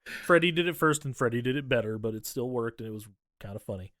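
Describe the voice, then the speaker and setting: A man's voice: medium pitch, lively intonation, fairly bright tone, dry recording, studio quality. A man co-hosting a podcast, recapping a horror movie in casual, profane, sardonic chat. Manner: profane, sardonic recapping with quick voices for characters. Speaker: podcast co-host.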